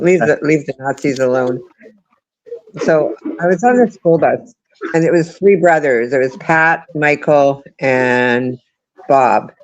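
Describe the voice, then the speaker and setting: A man's voice: a little high, vocal fry, lo-fi sound. Chatty laughing man host. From United States. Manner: chatty, laughing, many restarts. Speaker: livestream host. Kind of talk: casual chat.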